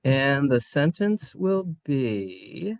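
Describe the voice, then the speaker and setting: A man teaching a Hebrew class, playful and sing-song, sounding out letters and syllables slowly for his students. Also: mid-range voice, very animated, smooth, dry recording. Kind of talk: classroom lesson. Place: synagogue classroom.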